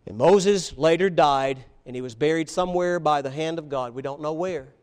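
A man preaching a sermon, telling Bible stories with animated voices and speaking directly to the children. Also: fairly high pitch, moderate pace, clean tone. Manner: animated storytelling, voicing biblical figures, addressing children. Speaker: pastor.

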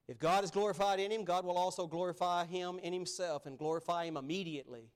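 Male pastor, higher than average pitch, emphatic sermon delivery with loud and hushed turns. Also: fairly even intonation, fast talker, smooth. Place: church sanctuary.

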